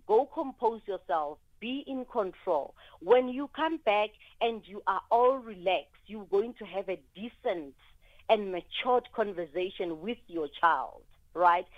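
A woman's voice: mid-range voice, no room sound. A woman, a guest on a radio show giving earnest parenting advice. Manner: earnest, advising. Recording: dull, dry studio sound.

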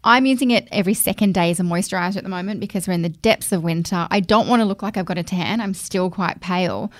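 A woman's voice: lowish voice, fast, no room sound. Chatty woman podcast host, dry sound. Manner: chatty, matter-of-fact, explaining. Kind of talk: casual chat.

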